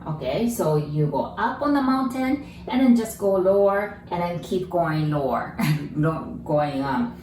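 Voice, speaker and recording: A woman's voice: on the low side, slight background noise. A woman teaching a beginner writing lesson, patiently sounding out syllables and checking in with her learners. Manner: patient, repeats syllables, checks in with "okay?" and "right?". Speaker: Japanese teacher. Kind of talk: slow explanatory lesson. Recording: roomy, distant mic, faint ambience.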